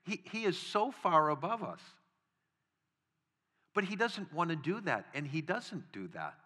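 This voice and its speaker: A middle-aged man delivers a sermon with a bright, forceful tone, his voice sitting a little high. He preaches conversationally, slipping into brief acted-out quotes of what people might say before returning to his teaching. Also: big pitch swings, measured pace. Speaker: pastor.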